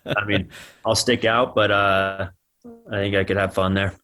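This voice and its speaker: A man's voice: on the low side, level tone, moderate pace, pushed and bright. An American man in his thirties, a guest athlete giving thoughtful answers in a casual podcast interview. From United States.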